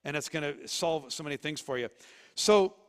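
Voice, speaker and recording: A man preaching a sermon in a lively, chatty way, breaking into loud bursts. His voice sits a little high, and it rings with the long reverb of a church hall. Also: moderate pace, smooth. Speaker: pastor. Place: church sanctuary.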